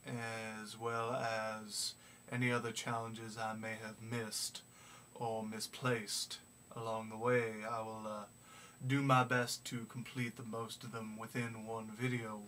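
A young man vlogging in a put-on gentlemanly Southern accent, speaking slowly and formally with many hesitant pauses from a small practice room. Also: mid-range voice. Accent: put-on gentlemanly American Southern. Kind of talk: casual video diary. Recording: distant mic with faint background noise.

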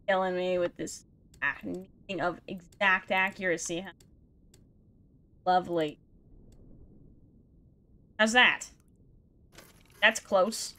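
A woman with a lowish, sharp-toned voice and fairly even intonation talks slowly, pausing often. She's a let's play gamer giving casual, self-mocking commentary to herself during a video game, laughing, groaning, and venting exasperated sighs and outbursts.

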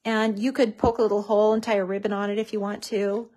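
A woman's voice: mid-range voice, flat delivery, quick pace, a little mellow. A woman hosting a craft tutorial, chatting casually and gushing over how cute everything is as she works.

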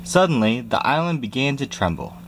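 A man reading a children's picture book aloud in a lively storytelling manner, jumping high for squeaky cries. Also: fairly quick, vocal fry, background noise. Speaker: reader.

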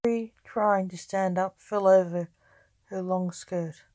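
Woman reading her story, slow and calm, dry close mic. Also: mid-range voice, dry recording. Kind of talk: storybook narration.

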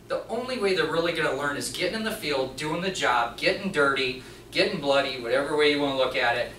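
Animated presenter in an echoey room. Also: mid-range voice, recorded from a distance, a little hiss or hum. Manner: animated, acts out the dialogue of others. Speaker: presenter at a talk, mechanics teacher. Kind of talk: storytelling conference talk. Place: presentation room before an audience.

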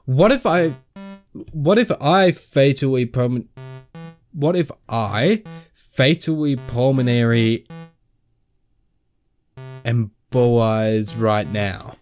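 A man's voice: mid-range voice, expressive, takes it slowly, pauses often, a little mellow, faint music behind. A young man commentating a video game, who reads the inner thoughts in choppy broken grammar and swears casually while joking. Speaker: gamer playing and reading a game. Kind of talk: let's play commentary.

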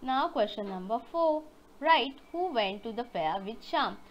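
Lady teacher talking real slow to little kids, kinda muffled recording. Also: a little high, expressive, slight background noise. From India. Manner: slow storytelling with questions to kids. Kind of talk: online class lesson for young children.

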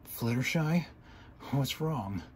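A man's voice: medium pitch, animated, moderate pace, a little mellow, slight background noise, lightly acted. A man voicing a brash, tomboyish female pegasus pony who talks casually while trying to comfort a friend in a fan story reading. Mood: coaxing. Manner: coaxing, casual.

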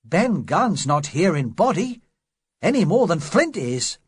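A man's voice: high-pitched, big pitch swings, a little slow, husky, no echo, clean studio sound, pitched above the performer's own voice, exaggerated voice. A man voicing a fearful pirate sailor who talks in a gloomy, insistent way.

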